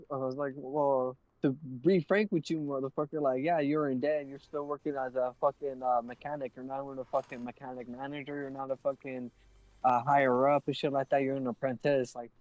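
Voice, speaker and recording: A man's voice: mid-range voice, steady tone, fairly quick, a little mellow, no echo, dull audio. A young man on a live stream, telling a heated story full of swearing and acting out both sides of an argument. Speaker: livestreamer.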